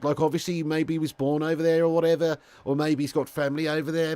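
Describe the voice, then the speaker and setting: A man hosting a live football watch-along, chatting casually to viewers, swearing freely, and getting loud when calling goals. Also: fairly high pitch, level tone, fast talker, few pauses, no echo. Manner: casual, laddish, swears freely, calls viewers mate and lad. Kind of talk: live streamed football commentary and chat.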